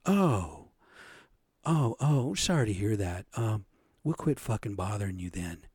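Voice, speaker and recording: A man's voice: fairly low pitch, expressive, a little slow, a little mellow, husky, no room sound, studio quality. A man imitating a polite male utility crew caller, chirpy and apologetic.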